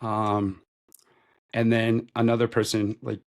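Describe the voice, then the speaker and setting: A man in his thirties, a retail store manager appearing as a podcast guest, talks through his career in a loose, conversational interview, saying "like" a lot. His voice sits on the low side, and he speaks slowly with a completely flat delivery.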